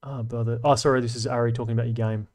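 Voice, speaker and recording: Streamer, laid-back and profane, rambling chat between comments. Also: male voice, mid-range voice, rapid-fire. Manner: relaxed, profane, rambling and chatty. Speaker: streamer and animator. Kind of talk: casual livestream chat reading comments.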